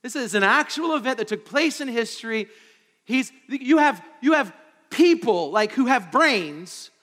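A man preaching a sermon as pastor, swinging between loud emphasis and hushed asides and throwing rhetorical questions at the congregation. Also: very high-pitched, expressive, measured pace, in a large hall.

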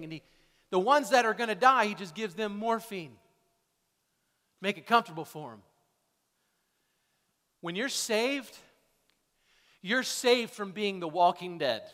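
A man's voice: high-pitched, a bit bright. A male pastor preaching a sermon in a church, talking conversationally and often tagging his points with "right?" or "okay?". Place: church sanctuary. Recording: echoey hall.

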